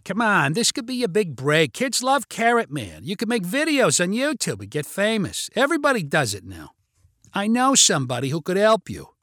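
A man voicing an adult sister who talks in a brisk, persuasive, teasing way. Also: high voice, huge pitch swings, fairly bright tone, dry recording, clean studio sound, voice pushed up, heavily acted. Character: Lisa, the narrator's take on a pushy sister, adult woman.

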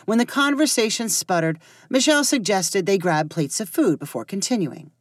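A woman narrating a story aloud in an expressive reading voice. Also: mid-range voice, normal speed, few pauses, dry recording, clean studio sound.

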